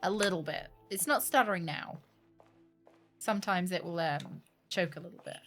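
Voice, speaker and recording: Young woman, bright voice, chatty and joking, faint music behind. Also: on the low side, moderate pace. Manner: chatty, joking, laughs often. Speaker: streamer. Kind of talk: casual chat while gaming. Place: home room.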